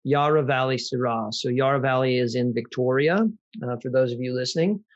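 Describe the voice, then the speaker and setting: A man's voice: medium pitch, fairly quick, lo-fi sound. A man hosting a wine tasting, explaining in a conversational way and speaking directly to listeners. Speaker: host.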